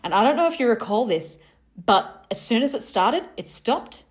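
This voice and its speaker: A woman co-hosting a chat, telling a wild story with laughs and acted-out shouts. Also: fairly high pitch, normal speed. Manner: lively, laughing, acts out her own shouts. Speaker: podcast co-host telling a story.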